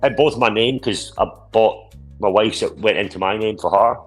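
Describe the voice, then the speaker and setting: A man's voice: on the low side, normal speed, faint music behind. A man in his forties, a podcast co-host, talking bluntly in casual chat and swearing freely when annoyed.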